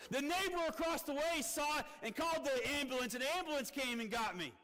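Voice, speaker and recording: A middle-aged man preaching as pastor, telling a story with sudden loud outbursts and quiet low asides. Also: fast talker, hardly any pauses, a crowd in the background. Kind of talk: storytelling sermon. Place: church. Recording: echoey church hall.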